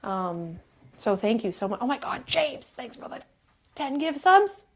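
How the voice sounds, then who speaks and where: A woman hosting a live stream, chatting casually indoors and quickly thanking viewers. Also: medium pitch, expressive, slightly rough. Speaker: livestream host. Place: indoors in an old house.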